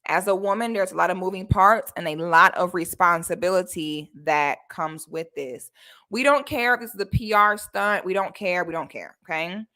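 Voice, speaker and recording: A young woman with a bright, sharp voice talks sassy, emphatic advice straight to her viewers. She runs her own vlog and keeps every line punchy. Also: fairly low pitch, normal speed. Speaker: commentary vlogger. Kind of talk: casual advice commentary.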